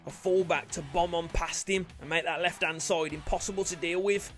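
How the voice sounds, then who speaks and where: Lad, high voice, shouty game commentary with cheeky jokes, faint music underneath. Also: male voice, steady tone, brisk. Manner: loud outbursts, cheeky banter. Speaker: gaming YouTuber.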